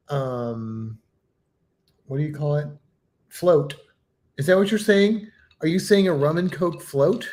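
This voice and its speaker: A man's voice: fairly high pitch, slow, long pauses, a little mellow. A man in loose, playful conversation on a birthday livestream, often laughing and repeating lines back for fun. He drifts in and out of silly put-on accents between casual remarks. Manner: frequent laughter, repeats others' words. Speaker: livestream co-host.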